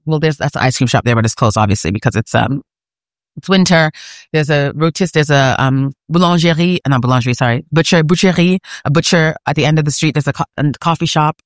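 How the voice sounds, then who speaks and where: Seated at an outdoor dining spot on a market street, this guest, a food podcaster from New York City, talks fast in a low voice. The conversation is casual and full of her laughter. Audio is studio quality with no room sound.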